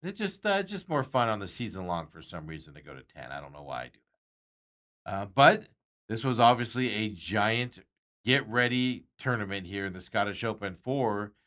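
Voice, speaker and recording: A man's voice: fairly low pitch, very animated, normal speed, a bit bright. A man hosting a sports talk show, chatting casually and rambling with frequent chuckles.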